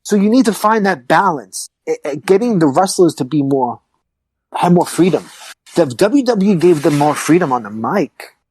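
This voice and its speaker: Animated, emphatic male podcast host. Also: a little high, moderate pace, breathy edge, no room sound, poor audio. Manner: animated, emphatic, rising to excited peaks. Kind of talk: casual chat.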